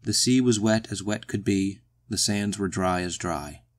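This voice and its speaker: A man reading a short story aloud in the first person, measured and brooding. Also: fairly low pitch. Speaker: audiobook narrator.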